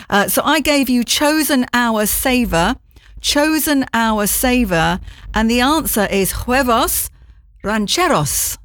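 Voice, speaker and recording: A woman's voice: fairly high pitch, a bit bright, no room sound. A woman presenting on the radio from a studio, chatting casually and sounding a little giggly. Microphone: studio mic.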